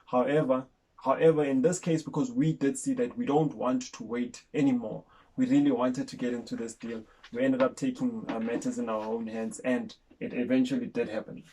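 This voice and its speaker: A man's voice: medium pitch, flat delivery, moderate pace, mellow, breathy edge. A man from South Africa co-hosting a casual chat, speaking earnestly about property deals he has gone through himself. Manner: earnest, shares own experiences. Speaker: co-host.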